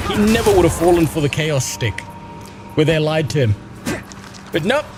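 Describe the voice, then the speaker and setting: A young man streaming a video game, chatting casually in a blunt, profane and rambling way while reading chat. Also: a little high. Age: young adult. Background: game music.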